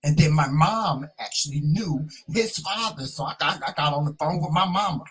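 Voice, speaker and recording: A man from North Carolina, chatting casually on his vlog as host, repeating himself and sounding proud and excited. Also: fairly high pitch, normal speed, husky, poor audio.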